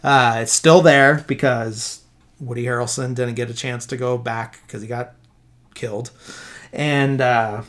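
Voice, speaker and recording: Man, podcast host, mid-pitch voice, loose casual recap full of fillers, often corrects himself mid-sentence. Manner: rambling, heavy filler words like "uh" and "like"; self-correcting, loses his train of thought.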